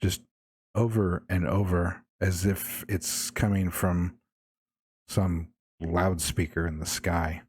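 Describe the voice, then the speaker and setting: Deep, slow-spoken man running a horror game. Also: flat delivery, darkish tone, breathy edge, no room sound. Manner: slow, measured narration with repeated refrains. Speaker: game master. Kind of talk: narrating a horror tabletop game.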